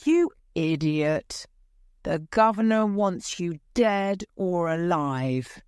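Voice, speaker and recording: A woman's voice: fairly low pitch, expressive, slow pace, a little mellow, smooth, no echo, studio quality. A woman reading as a boastful army sergeant. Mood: hostile. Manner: boastful, bold.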